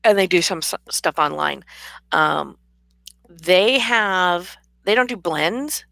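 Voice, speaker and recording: A woman's voice: lowish voice, takes it slowly, gravelly, fairly bright tone, dry recording. A tired woman chatting casually to her camera in a rambling, laughing way. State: tired, yawning. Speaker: vlogger and author. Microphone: camera mic.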